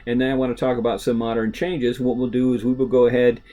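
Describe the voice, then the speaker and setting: A man's voice: medium pitch, little pitch movement, quick pace, dark tone. A man teaching a recorded history lecture in a casual, talkative way, with many fillers and asides.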